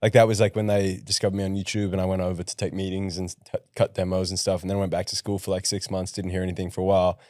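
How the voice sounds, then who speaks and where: A young man talking casually as a podcast guest, relaxed and often restarting his sentences. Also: low-pitched, rapid-fire, few pauses, no room sound, clean studio sound. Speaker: guest musician.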